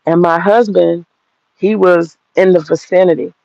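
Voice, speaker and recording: Gravelly, blunt woman in her forties. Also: lowish voice, steady tone, measured pace, no room sound, dull audio. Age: 40s. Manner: blunt, profane, laughs while telling. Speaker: vlogger. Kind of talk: candid personal storytelling to viewers.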